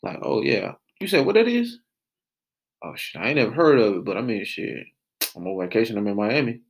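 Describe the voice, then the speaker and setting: A man's voice: on the low side, big pitch swings, brisk, vocal fry. A man, telling a profane story as a podcast host and losing his train of thought. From Atlanta, US South. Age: late 20s. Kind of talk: casual storytelling rant.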